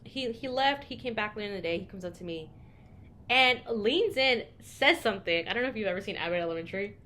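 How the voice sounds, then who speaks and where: A woman's voice: medium pitch, lively intonation, quick pace, fairly bright tone, a little hiss or hum. A young woman co-hosting a podcast, telling candid stories in casual chat and swearing freely. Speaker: podcast co-host.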